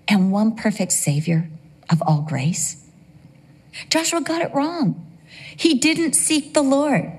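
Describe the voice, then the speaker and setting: A middle-aged woman gives a sermon in a high voice. She speaks earnestly and with feeling, telling a story from her own life. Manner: emotional, earnest storytelling with acted quotes. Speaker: preacher.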